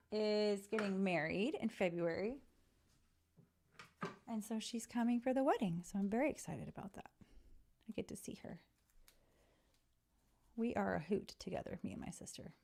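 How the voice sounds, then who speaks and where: A middle-aged woman vlogging as she works on a journal page, chatting in a rambling, friendly way and talking to her viewers. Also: medium pitch. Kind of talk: casual chat while crafting.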